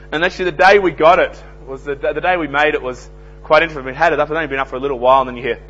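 A man's voice: fairly high pitch, a bit bright. An earnest young Australian man preaching an evangelistic sermon, telling plain-spoken anecdotes. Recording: dull lo-fi recording with faint hum.

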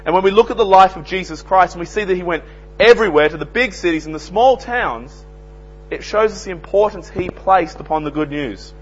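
A man's voice: high-pitched, lively intonation, fairly quick, slightly rough. An earnest young Australian man preaching an evangelistic sermon, telling plain-spoken anecdotes. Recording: dull lo-fi recording with faint hum.

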